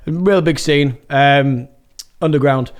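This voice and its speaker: A man's voice: fairly high pitch, takes it slowly. Yorkshire man telling rave stories. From England. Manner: swears freely, laughs often, rambling storytelling. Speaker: podcast guest, musician. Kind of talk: casual chat.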